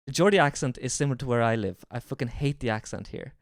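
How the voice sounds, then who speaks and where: Lively, rambling streamer. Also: medium pitch, fast talker, dry recording, studio quality. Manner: rambling, crude and jokey, swings into mock voices. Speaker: livestream host. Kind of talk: casual streaming chat.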